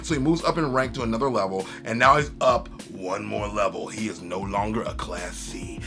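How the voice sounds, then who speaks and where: A man's voice: lowish voice, normal speed, few pauses, music in the background. A man casually and enthusiastically recapping an anime episode, jumping into character voices. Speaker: anime reviewer.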